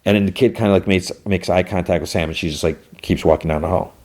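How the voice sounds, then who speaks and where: A man with a lowish, dark, mellow voice talks through an episode for his podcast. He tells it loosely, full of "like" and half-acted quotes, in an easygoing conversational way. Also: steady tone, fast talker. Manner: retells scenes with loose quoted lines, many "like" fillers. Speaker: podcast host. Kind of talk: casual episode recap.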